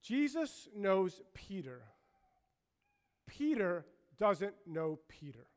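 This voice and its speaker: A man's voice: high voice, big pitch swings, extremely slow, smooth. A male pastor giving a conversational, emphatic sermon.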